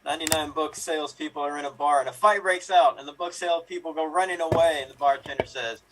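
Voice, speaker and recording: A man's voice: fairly high pitch, fairly even intonation, fast talker, hardly any pauses. A man in an improv game telling run-on joke setups and punchlines. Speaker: improv performer. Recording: distant mic, faint noise.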